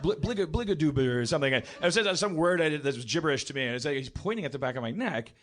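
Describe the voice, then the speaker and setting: A man's voice: mid-range voice, expressive, rapid-fire, fairly bright tone. A man hosting a live comedy podcast, telling a rambling story on stage, breaking off and restarting his sentences often. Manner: rambling, self-interrupting, lots of restarts.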